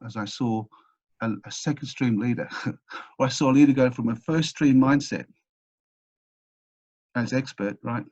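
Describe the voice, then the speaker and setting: A man's voice: mid-range voice, darkish tone, husky, highs cut off. A man as an interview guest, telling a long anecdote with energy, often restarting his sentences. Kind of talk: storytelling in a podcast interview.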